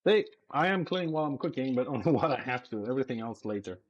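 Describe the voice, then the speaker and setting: A man's voice: mid-range voice, animated, fast, lo-fi sound. A man chatting casually while he cooks on a live stream, thinking aloud as he works. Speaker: home cook streamer.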